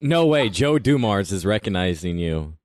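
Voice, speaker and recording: A male host runs a casual interview and reacts eagerly to his guest's stories. He asks follow-up questions in a relaxed, conversational way. His voice sounds dry and close. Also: on the low side, moderate pace, no room sound. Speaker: sports podcast host, interviewer.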